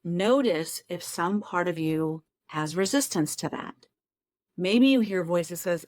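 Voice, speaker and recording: A woman therapist speaks to camera from her home office, her voice sitting on the low side for a woman. She explains things casually, with self-deprecating asides. The sound is close and dry, with no room echo. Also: animated, a little slow, darkish tone. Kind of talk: casual talk-to-camera teaching.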